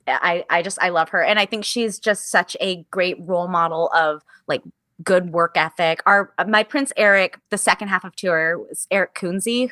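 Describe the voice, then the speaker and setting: Bright-voiced young actress telling stories. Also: female voice, medium pitch, no echo. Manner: animated storyteller who acts out quoted voices, many "like" fillers. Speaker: musical theater actress, guest. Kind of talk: casual interview storytelling.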